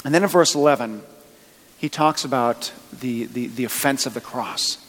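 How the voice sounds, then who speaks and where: Conversational pastor, reverberant hall. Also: male voice, mid-range voice, moderate pace, a bit bright. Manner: conversational, joking asides. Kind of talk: sermon. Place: church.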